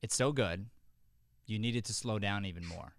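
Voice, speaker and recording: A man's voice: fairly low pitch, normal speed, no room sound, clean studio sound. A man who teaches acting gives friendly, coaching feedback to a student over a video call, often restarting his sentences.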